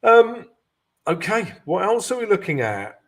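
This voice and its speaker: A male host walks through market charts live and takes questions from chat in a loose, chatty way. He talks slowly, but his pitch jumps around a lot, and he keeps checking in with "guys" and "yeah." It sounds unscripted, like thinking out loud on a stream. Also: big pitch swings. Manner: casual, addresses viewers as guys, many fillers. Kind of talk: live chart analysis with viewer Q&A.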